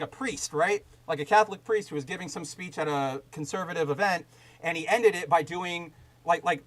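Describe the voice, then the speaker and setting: Man, podcast host, casual chat, high-pitched, animated, profane, rambling. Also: poor audio. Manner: loose, rambling with fillers and restarts.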